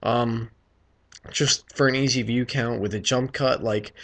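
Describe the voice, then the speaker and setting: A man's voice: medium pitch, moderate pace. A man from the United States rambling through a casual opinion rant, profane and full of fillers and restarts. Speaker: vlogger.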